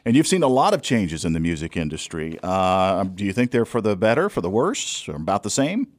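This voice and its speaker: A man hosting a radio interview, easygoing and quick to laugh along with his guest. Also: deep voice, very animated, no room sound. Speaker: radio host.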